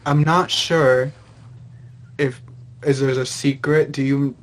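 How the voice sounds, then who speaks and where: A man's voice: mid-range voice, fairly even intonation. Young male player, hesitant, casual. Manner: hesitant, halting. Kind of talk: casual tabletop play.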